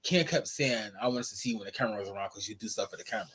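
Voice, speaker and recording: A man's voice: on the low side, rapid-fire, a bit bright, husky. A man co-hosting a casual reaction video, joking with pop-culture references. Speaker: reaction channel co-host.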